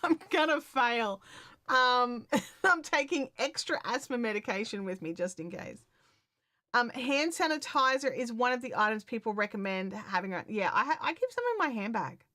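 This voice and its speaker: A woman chatting casually to her viewers on a live stream, excitable and full of fillers and restarts. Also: on the high side, normal speed, no room sound, clean studio sound. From Australia.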